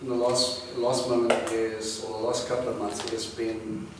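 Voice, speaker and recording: A man's voice: medium pitch, flat delivery, normal speed. Man preaching in an echoey hall. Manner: emphatic, swings between loud and hushed; repetitive, rhythmic exhortation. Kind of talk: sermon. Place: congregation hall. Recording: echoey hall from far off, faint background noise.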